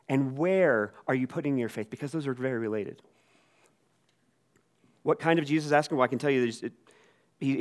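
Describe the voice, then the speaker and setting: A man preaching a sermon in a casual, conversational way. He acts out the quoted lines with lively voices. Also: mid-range voice. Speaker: pastor.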